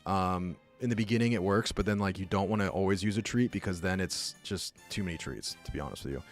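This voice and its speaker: A man's voice: deep voice, quick pace, faint music behind. A young man telling a rambling, casual story full of fillers, talking as a podcast host. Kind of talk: casual chat.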